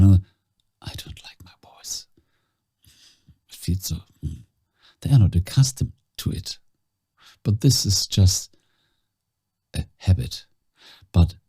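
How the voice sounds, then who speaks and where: Voice-over coach, male, very dark husky low voice, slow and reflective. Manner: slow, calm, thoughtful, dramatic pauses. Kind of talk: reflective talk to camera.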